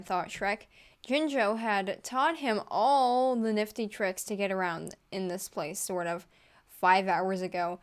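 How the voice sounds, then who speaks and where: Woman, comedic read-aloud, giggly, deadpan asides, smooth clear voice, mid pitch. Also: a little slow. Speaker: fan fiction reader.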